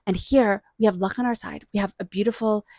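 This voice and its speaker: A woman giving a tarot reading, murmuring invocations to angels and spirit guides and offering warm, excited encouragement. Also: mid-range voice, a little fast, no room sound. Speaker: tarot reader. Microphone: own microphone.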